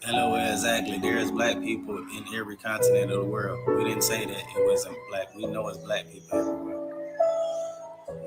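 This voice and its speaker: American man over loud guitar music. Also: fairly low pitch, big pitch swings, moderate pace, low-quality recording. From United States. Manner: conversational, reads comments aloud. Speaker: content creator. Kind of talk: casual reaction vlog.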